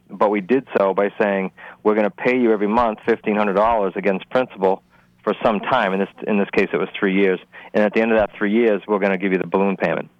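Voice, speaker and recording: A man with a Rhode Island accent lays out real estate terms step by step, confident and methodical. His voice sits low. The sound is dull and dry, like an old radio broadcast. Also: no echo. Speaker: real estate investing guest. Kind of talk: radio talk show interview.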